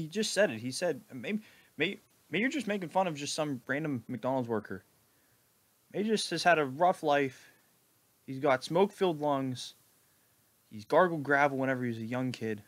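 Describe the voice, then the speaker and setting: A man giving mocking, deadpan sarcastic commentary over a video. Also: a little high, dry recording. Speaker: video reactor.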